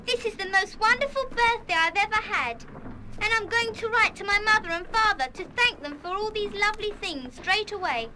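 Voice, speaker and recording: A woman voicing a shy, tender-hearted schoolgirl who gushes softly, in 1970s radio play style. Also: very high voice, expressive, normal speed, very noisy. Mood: grateful. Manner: breathless, gushing delight turning to quiet hurt.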